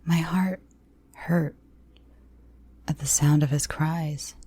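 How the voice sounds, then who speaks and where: A woman narrating a first-person horror story in a hushed voice that often drops to a half-whisper. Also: deep voice, steady tone, slow, husky, no room sound.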